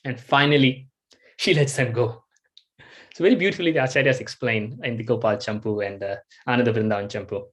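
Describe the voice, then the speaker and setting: A man giving a devotional storytelling talk, animated and acting out the scenes he tells. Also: mid-range voice, brisk. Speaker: devotional speaker.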